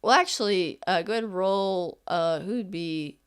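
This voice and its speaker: A woman's voice: on the low side, normal speed, clean tone. A woman narrating a tabletop game as game master, in a rambling, filler-heavy way.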